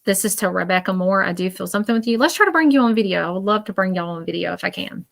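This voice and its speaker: A woman giving a live psychic reading to her viewers, with a voice of ordinary middle pitch. She wanders through her thoughts, filling the gaps with "um" and "you know." She speaks to her audience directly and in a reassuring way. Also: animated, very fast, vocal fry. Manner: rambling, filled with "um" and "you know". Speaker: psychic medium.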